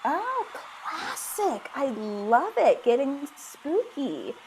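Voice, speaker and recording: Woman, improv performer, video call, lively swooping voice, unhurried. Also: high-pitched, a crowd in the background. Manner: animated, bursts into gibberish sounds. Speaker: improv performer running the game. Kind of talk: playful live improv banter.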